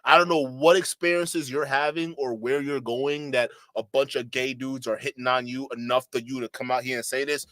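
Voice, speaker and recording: A man's voice: mid-range voice, steady tone, moderate pace, few pauses, a bit bright, no echo. A man hosting a reaction stream, laughing often and talking in slangy disbelief to his chat. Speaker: host reacting to a clip. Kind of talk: casual reaction stream talk.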